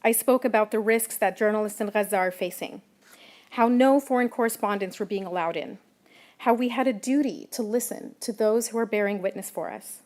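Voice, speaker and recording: A woman journalist giving a prepared public talk, measured and emphatic, stressing key words. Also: medium pitch, a little mellow. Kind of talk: prepared lecture.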